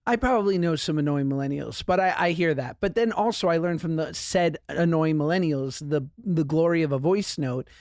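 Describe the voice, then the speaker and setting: Man in his 30s, podcast host, casual chat, fairly high voice, dry close sound, wry and joking. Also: a little fast, few pauses, a little mellow, no echo. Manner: wry, joking, laughs often.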